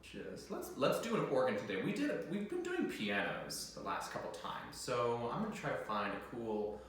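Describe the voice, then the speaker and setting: Sight-reading organ music on camera, this young American host talks casually and self-deprecatingly at a normal speed. His mid-range, slightly bright voice swings hugely in pitch, and the distant mic catches lots of room echo plus a little background noise.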